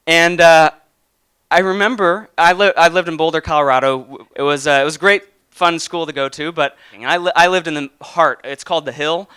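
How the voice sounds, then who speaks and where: A man's voice: fairly high pitch, fairly even intonation, brisk, sharp tone, clear, resonant tone, no echo, studio quality. Earnest young man giving a motivational talk. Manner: earnest, storytelling, some restarts. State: getting emotional. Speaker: motivational speaker.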